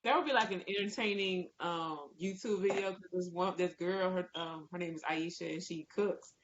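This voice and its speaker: A woman taking part in an online class, telling a story in an animated, laughing way. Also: on the low side, normal speed. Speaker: class participant. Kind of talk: casual chat. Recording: lo-fi call with background noise.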